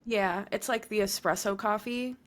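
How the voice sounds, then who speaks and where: A woman co-host in easygoing conversation, her voice sitting at a middling pitch. She answers briefly and slips in dry, joking asides. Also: steady tone, normal speed. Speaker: podcast co-host. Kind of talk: casual chat.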